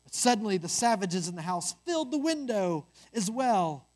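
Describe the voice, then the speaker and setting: A storyteller reading a parable aloud. The delivery is measured and earnest throughout. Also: medium pitch, animated, a little mellow.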